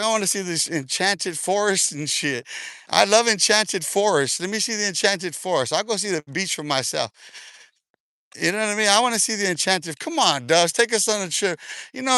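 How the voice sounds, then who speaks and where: A middle-aged man hosting a casual livestream, talking loudly with laughter and profane street slang while walking outdoors in a park, speaking into a phone. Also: high voice, clean tone, dry recording, clean studio sound. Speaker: livestream host. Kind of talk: casual livestream chat reading comments.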